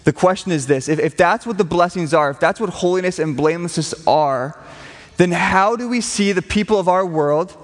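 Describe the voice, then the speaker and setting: Male pastor, earnest and emphatic sermon delivery, slightly higher voice, live in a church with a lingering echo. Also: normal speed. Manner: earnest, emphatic preaching with repeated phrases. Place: church hall. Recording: long hall reverb. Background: congregation.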